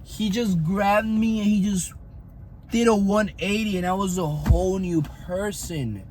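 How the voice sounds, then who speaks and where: A young man with a high voice tells a personal faith testimony, slowly and earnestly. He circles back and repeats phrases as the story tumbles out. A faint hiss sits under his voice. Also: a little mellow. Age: young adult. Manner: earnest, repetitive, rambling storytelling. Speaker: fitness coach vlogger.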